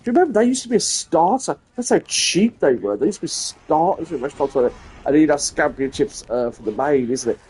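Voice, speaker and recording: Sweary Birmingham-accented man, lively pitch. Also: fast talker, slightly rough. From English Midlands. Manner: sweary, chatty, slips into put-on voices. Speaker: streamer reacting to clips. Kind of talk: casual chat.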